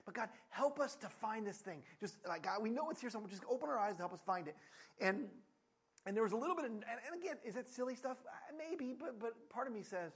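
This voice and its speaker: A man in his thirties preaching a sermon in a conversational, animated way, acting out quotes. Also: extremely high pitch, quick pace, breathy edge. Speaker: pastor.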